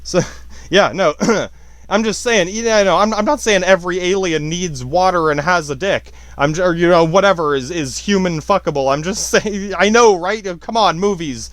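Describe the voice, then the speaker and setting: Podcast host, man in his thirties, high voice, dry close sound, rambling and profane, keeps cutting himself off. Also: moderate pace, fairly bright tone, no room sound. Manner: rambling, profane, self-interrupting, laughs often. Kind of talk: rambling profane monologue on science.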